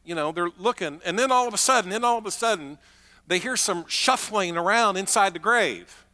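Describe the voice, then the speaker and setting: A man's voice: high voice, animated, brisk, sharp tone, in a large hall. A man preaching a sermon as pastor, telling the story in a chatty, conversational way with acted-out asides.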